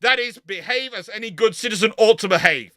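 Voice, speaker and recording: A man doing a booming old-time statesman. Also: fairly quick, pushed and bright, no echo. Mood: declaiming. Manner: grand, emphatic oratory. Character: early-1900s male statesman orating. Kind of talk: declaiming a historic speech.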